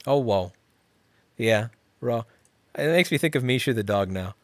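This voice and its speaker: A man's voice: medium pitch, lively intonation, measured pace. A man answers viewer questions on a casual livestream in a blunt, rambling way, swearing freely. His voice sits in an ordinary middle range. The sound is dry and close, with no room echo. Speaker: repair shop owner and channel host.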